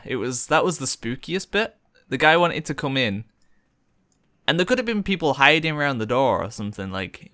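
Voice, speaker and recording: A man's voice: medium pitch, sharp tone, no echo, clean studio sound. A young man telling a rambling, chatty story with lots of fillers while streaming a game. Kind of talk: casual storytelling while gaming.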